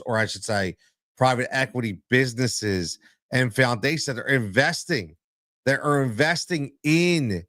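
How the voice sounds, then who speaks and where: A man's voice: medium pitch, a bit bright, no echo, clean studio sound. A man hosting a solo sports podcast as a coach, talking emphatically and repeating his points for stress.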